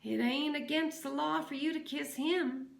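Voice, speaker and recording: A drunk, lecherous sheriff drawls out every word, slow and leering, voiced by a woman reading a storybook aloud. The voice is gravelly and pitched up from her usual reading tone. It rings in an echoey room. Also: fairly even intonation.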